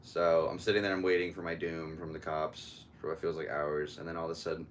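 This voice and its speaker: A man's voice: deep voice, flat delivery, a little fast, slight background noise. A man hosting a podcast, telling a story in casual chat, laughing often and acting out other people's lines. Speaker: podcast host.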